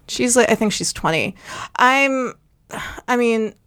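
A woman's voice: fairly high pitch, expressive, takes it slowly, fairly bright tone, clean tone. Chatty opinionated young woman. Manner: chatty, opinionated, self-deprecating. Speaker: podcast co-host. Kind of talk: casual chat.

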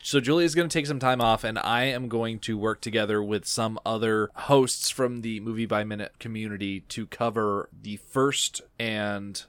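A man hosting a podcast, calmly and steadily explaining plans in casual chat. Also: lowish voice, moderate pace, hardly any pauses, clear, resonant tone. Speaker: podcast host.

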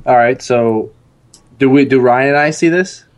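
A man's voice: mid-range voice, moderate pace. A man playing a tabletop role-playing game who talks through his character's actions and laughs often. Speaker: player. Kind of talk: casual tabletop role-play.

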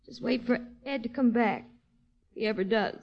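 A woman's voice: a little high, normal speed, vocal fry, dull audio. A woman playing an anxious young wife. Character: worried young woman waiting for her man. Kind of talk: 1940s radio drama acting.

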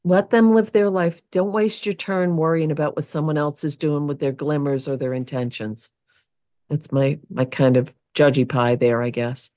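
A woman's voice: low voice, fairly even intonation, normal speed, warm tone, dry recording. Affirming woman co-host, dry sound. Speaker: podcast co-host. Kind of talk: casual chat.

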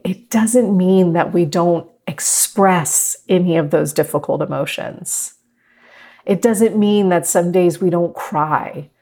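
Soft-spoken lower-voiced woman meditation teacher. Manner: gentle, reflective, speaks to a class. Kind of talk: guided meditation talk.

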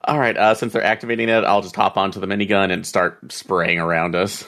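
A man's voice: sits low, fairly even intonation, fairly quick, creaky, a bit bright. An easygoing man playing a tabletop game, chatting casually and laughing often. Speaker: player.

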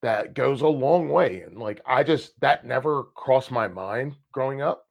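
A man co-hosting a podcast, telling personal stories in a casual, animated way and swearing freely. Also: medium pitch, a little slow, creaky, dull audio. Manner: animated, swears freely, acts out past conversations. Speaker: podcast co-host. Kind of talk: casual storytelling chat.

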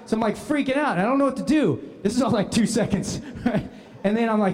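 A man telling a funny personal anecdote, animated and often laughing as he speaks. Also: high-pitched, quick pace. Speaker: guest storyteller. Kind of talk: comic anecdote.

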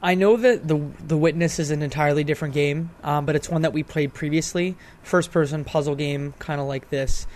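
Young male co-host, lighter pitch, self-deprecating and casual. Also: steady tone, fairly quick, few pauses, a little mellow, a little hiss or hum. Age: 20s. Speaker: podcast co-host. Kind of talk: casual chat about games.

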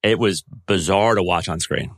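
Man, very low voice, podcast co-host, thoughtful, casual chat, dry studio sound. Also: animated, moderate pace, vocal fry, breathy edge, no echo. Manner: thoughtful, with fillers and restarts.

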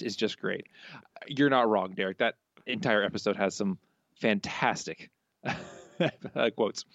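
A man's voice: lowish voice, slow, vocal fry, fairly bright tone, no room sound, lo-fi sound. A man co-hosting a podcast, casually reading listener quotes aloud and laughing often. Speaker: podcast co-host.

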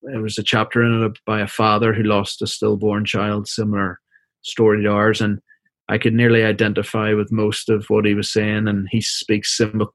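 A middle-aged man with a fairly low voice speaks softly as a guest on an interview show. He tells a personal story in a reflective, halting manner and often repeats words as he gathers himself. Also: completely flat delivery, no room sound. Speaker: interview guest, seminary professor and minister.

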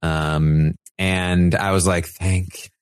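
Low-voiced man recapping with animated retellings. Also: moderate pace, no room sound, clean studio sound. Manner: animated, acts out quotes in high put-on voices. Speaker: podcast co-host. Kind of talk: casual recap chat.

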